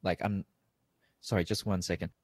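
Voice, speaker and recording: A young Australian man chatting casually on a video call, rambling with lots of fillers and quick apologies. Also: low-pitched, level tone, slightly rough, dry recording. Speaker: interviewee. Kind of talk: casual chat.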